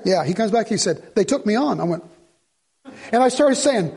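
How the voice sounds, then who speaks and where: A man preaching a sermon as the pastor, swinging from loud exhortation to low, earnest asides. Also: lively intonation, normal speed, gravelly, husky.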